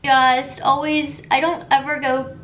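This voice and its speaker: A woman in her thirties chatting through a casual makeup tutorial, enthusiastic, with quick asides. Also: high-pitched, little pitch movement, a bit bright, slight background noise. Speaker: beauty vlogger.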